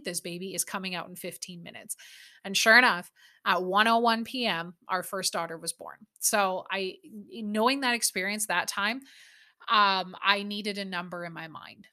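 Bright-voiced, candid, chatty woman. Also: mid-range voice. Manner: candid and chatty, swears freely, many fillers of "like". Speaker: mother telling her birth story. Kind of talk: casual storytelling.

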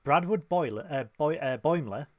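A man's voice: on the high side, expressive, moderate pace, no echo. A man with a Northern English accent co-hosting a casual episode review, enthusiastic and jokey. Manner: enthusiastic, jokey, sings snatches badly. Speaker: podcast co-host reviewing episodes.

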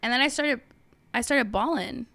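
A woman's voice: high voice, normal speed, vocal fry, sharp tone. A woman co-hosting a podcast in casual chat, blunt and sweary, laughing often and sounding worn out. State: tired and sluggish. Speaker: podcast co-host.

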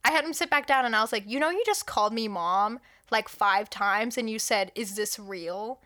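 A young woman co-hosting a podcast in casual chat, telling a story in an animated way and dropping to a whisper for quoted lines. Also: on the high side, brisk. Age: young adult. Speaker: podcast co-host.

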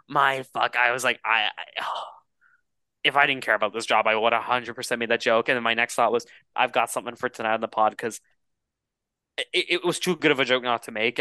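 Young man, bright voice, rambling storyteller. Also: medium pitch, fairly quick, clean tone, no room sound. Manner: rambling, animated storyteller who swears freely. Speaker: podcast co-host. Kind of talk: casual chat.

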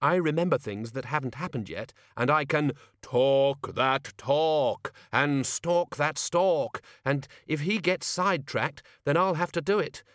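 A brisk young governess, as a man puts her on speaks curtly and impatiently, her voice lifted well above his own. She cuts others off with short, firm lines. It sounds like a dry, close storybook reading. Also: fairly high pitch, fairly bright tone, no echo, voice pushed up. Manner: curt, impatient.

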